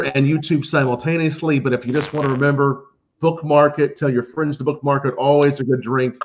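A man hosting a live tasting stream, chatty and self-deprecating, asking questions and plugging his show. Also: mid-range voice. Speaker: livestream host. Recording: muffled lo-fi stream audio.

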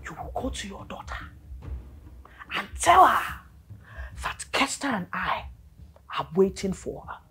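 A woman's voice: medium pitch, very animated, unhurried, long pauses, slight background noise. A woman with a Nigerian accent playing a wealthy, domineering middle-aged mother who is scornful and commanding in a film drama. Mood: threatening. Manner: scornful, commanding, shouting at times.

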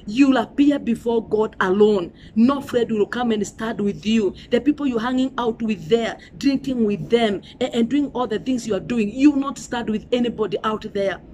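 A middle-aged Kenyan woman delivers a sermon in a fairly high voice. She preaches emphatically and repeats herself, with "you know" and "Hallelujah" running through her speech. A faint hum of ambience sits behind her. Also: moderate pace, few pauses, a little mellow.

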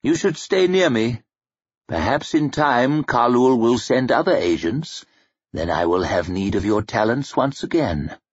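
A man voicing an arrogant, ruthless old male wizard who speaks in a haughty, measured, menacing way. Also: mid-range voice, lively intonation, slightly rough, dry recording. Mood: mocking. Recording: dry muffled recording.

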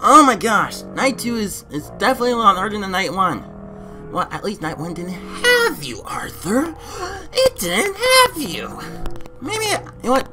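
A woman giving let's play commentary on a game, excitable and exasperated, talking to the character on screen. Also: medium pitch, normal speed. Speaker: gamer. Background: game music.

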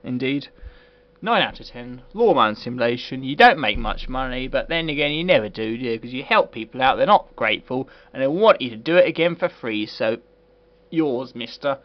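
Man, comic game reviewer, fake-posh sarcastic delivery, lively swings in pitch, lo-fi dull recording. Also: normal speed. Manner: put-on posh voice, sarcastic and sweary. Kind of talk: comedic game review commentary. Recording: dull lo-fi recording with faint hiss.

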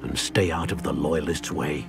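An actor playing a stern, weary uncle in a video game, lecturing in a strict tone. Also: male voice, extremely low pitch, fairly even intonation, moderate pace. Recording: game audio with music behind.

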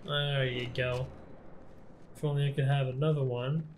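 A man's voice: medium pitch, level tone, normal speed, a little hiss or hum. A young man commentating his first playthrough of a shooter game, jumpy and swearing often, yelping when startled. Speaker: gameplay streamer.

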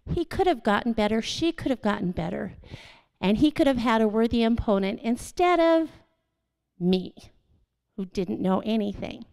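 A woman's voice: fairly high pitch, creaky, darkish tone, low-quality recording. A woman giving an earnest, conversational lesson in a church service. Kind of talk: storytelling sermon lesson.

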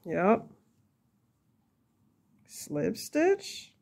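Female crochet host, unhurried and chatty, slightly high voice, self-mocking. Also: big pitch swings, creaky, a little mellow, breathy edge. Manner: chatty, laughs at herself, says y'all. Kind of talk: casual crochet tutorial.

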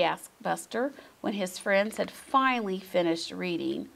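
Brief: woman storytime reader, slow and lively, gravelly edge. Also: mid-range voice. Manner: expressive, unhurried. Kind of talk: children's bedtime story reading.

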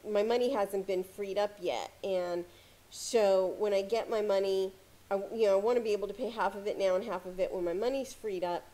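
A woman giving casual motivational advice to camera as a success coach, talking calmly with frequent "you know" fillers. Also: mid-range voice. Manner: calm, conversational, many "you know" fillers.

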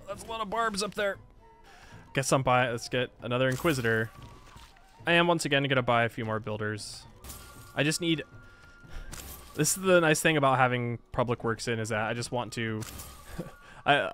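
A man's voice: mid-range voice, fairly bright tone. Playful man in mock-annoyed game commentary. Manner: playful, self-mocking, laughs often, mock-annoyed. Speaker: gaming video creator. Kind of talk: casual let's-play commentary.

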